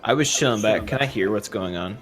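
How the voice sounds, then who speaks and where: A man's voice: lowish voice, a little fast, fairly bright tone, a little hiss or hum. A laid-back man playing a tabletop game over an online call. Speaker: player. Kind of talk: casual tabletop game chat.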